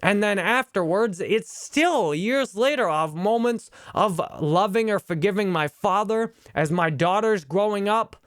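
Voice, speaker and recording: A man's voice: high-pitched, measured pace, hardly any pauses, smooth, dry recording, clean studio sound. A man in his thirties, an online instructor, talking earnestly and openly about a book and his own life. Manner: earnest, personal, emotionally open. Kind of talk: reflective book review talk.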